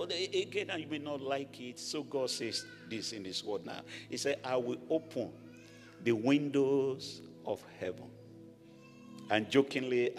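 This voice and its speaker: A man from Nigeria preaching a sermon as pastor, animated, rising to shouted blessings over the congregation. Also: mid-range voice. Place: large church hall. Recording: echoey church hall with music.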